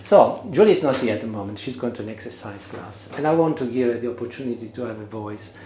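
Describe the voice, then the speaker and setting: A man's voice: mid-range voice, animated, fast, roomy sound, noisy background. A middle-aged man chatting casually through a home DIY job, rambling with lots of fillers. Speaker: homeowner doing DIY. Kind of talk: casual vlog narration. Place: inside a house, bathroom and loft.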